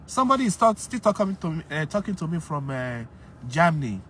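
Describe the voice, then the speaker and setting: A man giving an emphatic, animated casual monologue as a commentator. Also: brisk, a little hiss or hum. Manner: emphatic, rises high when indignant.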